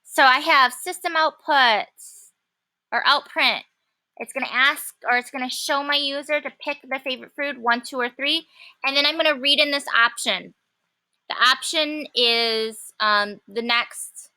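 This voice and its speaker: A woman teaching a programming lesson, talking casually and thinking aloud with many pauses and fillers. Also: high voice, sharp tone. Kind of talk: classroom coding lesson.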